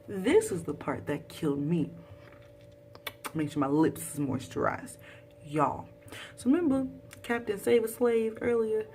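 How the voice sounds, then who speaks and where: A young woman, recapping a TV show in a casual, dramatic vlog with high exclaims. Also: unhurried, pauses often, dark tone, distant mic, a little hiss or hum. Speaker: vlogger.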